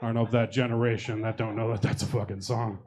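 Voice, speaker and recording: A man's voice: on the low side, little pitch movement, quick pace, a little mellow, a little hiss or hum. A young adult man doing a stand-up comedy set, telling profane, self-deprecating stories and teasing the audience. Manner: profane, self-deprecating storytelling with crowd work. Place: comedy showcase venue with live audience.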